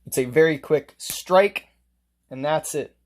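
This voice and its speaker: A man's voice: a little high, measured pace. A man teaching a casual music lesson, explaining note markings step by step and playing examples on his instrument.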